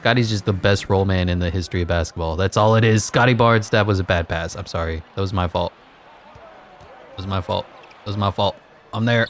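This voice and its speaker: A man giving casual, excitable commentary over his own gameplay, laughing at the game and mocking himself. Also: fairly quick, faint music behind. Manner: excitable, voice jumps high when hyped. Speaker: gaming commentator.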